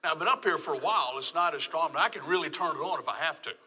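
Texan male pastor, slightly high, emphatic sermon delivery in a reverberant sanctuary. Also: expressive, very fast, pushed and bright. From Texas. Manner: emphatic preaching, repeats phrases.

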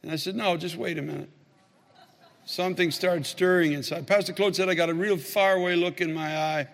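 A man's voice: high voice, steady tone, a little fast, creaky, big-room sound, slight background noise. A man, a pastor, telling a story in a sermon and building to fervent, emphatic preaching.

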